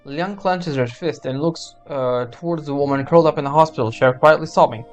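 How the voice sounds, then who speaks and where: A man's voice: fairly high pitch, brisk, faint music behind. Man reading game text aloud, wry asides. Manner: chatty, wry commentary.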